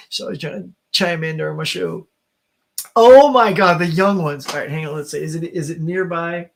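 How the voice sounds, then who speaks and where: A man's voice: a little high, steady tone, moderate pace, vocal fry, fairly bright tone. A middle-aged man hosting a casual live stream, chatting with viewers, laughing often and thinking aloud with many restarts. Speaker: host.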